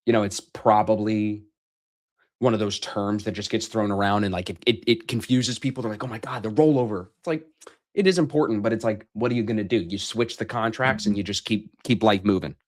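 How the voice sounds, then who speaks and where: A man's voice: fairly low pitch, a little fast. A man hosting a live trading stream, talking casually, joking and swearing freely. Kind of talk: casual livestream chat.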